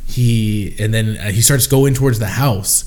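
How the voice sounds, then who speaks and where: Low-voiced rambling podcast co-host man. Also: unhurried, a little mellow, a little hiss or hum. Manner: rambling storyteller, filler-heavy. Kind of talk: casual chat.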